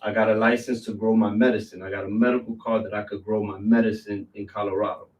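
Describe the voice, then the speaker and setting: A man's voice: fairly low pitch, level tone, darkish tone. New man telling his story from a distance. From New York. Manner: storytelling, lists things off in quick runs. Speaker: business owner guest. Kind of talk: casual interview chat.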